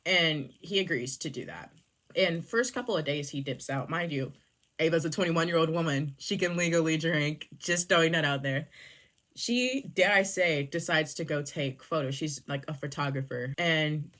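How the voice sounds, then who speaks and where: A woman's voice: low voice, normal speed, a bit bright. A young woman reviewing books in a sarcastic, rambling, casual chat full of swearing. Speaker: book reviewer.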